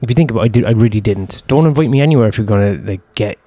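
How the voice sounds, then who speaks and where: A man's voice: lowish voice, racing, dark tone. A man, telling a long personal story in a rambling, profane, self-deprecating way. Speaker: host.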